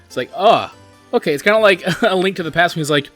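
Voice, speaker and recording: Speaking very fast in a high-pitched, sharp voice, a gaming channel host rambles sincerely through his gameplay. Casual commentary spills out with plenty of "like" and "you know," and game music hums faintly behind him.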